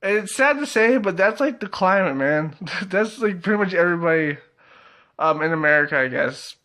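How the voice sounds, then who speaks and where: A man's voice: sits high, lively intonation, moderate pace, sharp tone. A young man casually reviewing a TV episode, laughing often, swearing freely and filling his talk with "like" and "uh".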